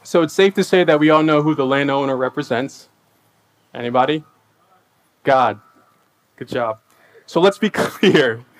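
A man's voice: medium pitch, unhurried, long pauses. A man preaching a sermon in a conversational way, asking the congregation questions and acting out the voices of the people in the story. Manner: acts out the workers' voices when quoting them.

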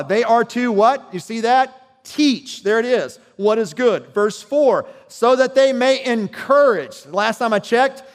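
A man's voice: sits high, in a large hall. A man preaching a sermon as pastor, talking conversationally and checking in with his listeners.

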